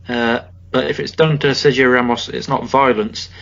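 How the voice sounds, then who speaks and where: A man's voice: mid-range voice, steady tone, moderate pace, vocal fry, a bit bright, lo-fi sound. A man co-hosting a casual football podcast, talking in a wry, rambling way with joking asides. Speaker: podcast co-host.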